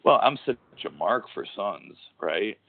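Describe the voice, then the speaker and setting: A man's voice: on the low side, lively intonation, measured pace, creaky, a little hiss or hum. A middle-aged man, a former pro wrestler hosting a podcast, talking in a rambling, profane, casual way and restarting his sentences. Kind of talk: casual chat. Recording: tinny phone-like audio.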